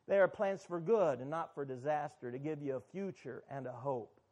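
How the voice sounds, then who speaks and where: A man's voice: a little high, moderate pace, darkish tone, dull audio. A man, the pastor of a church, preaching a sermon in a conversational, sometimes emphatic way.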